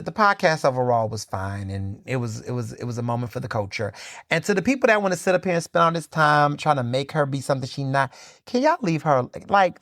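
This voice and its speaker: A young male podcast host riffs on his own in a casual, sassy way and keeps talking straight to his listeners. His pitch jumps up and down as he makes his points. The sound is dry and close, with no room around it. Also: no echo. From Philadelphia, USA. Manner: animated, sassy, conversational, addresses listeners as "y'all". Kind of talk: casual solo commentary.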